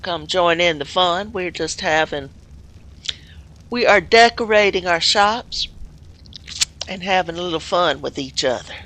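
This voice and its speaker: Southern woman streamer, slow gravelly delivery, genteel manner. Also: lowish voice, fairly bright tone. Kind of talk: casual role-play chat on a game stream.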